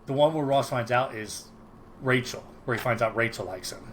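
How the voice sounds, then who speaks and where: A man co-hosting a casual podcast, rambling and restarting his sentences as he talks things through. His voice sits at an ordinary middle pitch. A faint noise hangs behind him on the video call. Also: normal speed. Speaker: podcast co-host. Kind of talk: casual chat.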